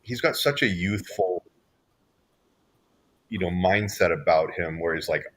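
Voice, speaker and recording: A man's voice: low-pitched, a little slow, fairly bright tone. A man from Southern California, co-hosting a podcast in casual chat, rambling with restarts and fillers. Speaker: podcast co-host.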